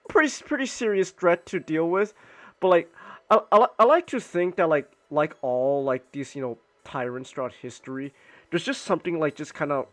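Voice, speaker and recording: Rambling streamer guy, higher voice. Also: lively intonation, normal speed, a bit bright. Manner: rambling with many restarts and swearing. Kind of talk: casual chat while drawing on stream.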